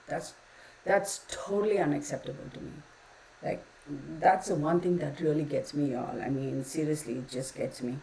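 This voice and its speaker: A woman's voice: on the low side, lively intonation, moderate pace, darkish tone, a little hiss or hum, low-quality recording. A woman, reading tarot cards on her channel and ranting her opinions in a blunt, profane, heated way. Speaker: tarot reader.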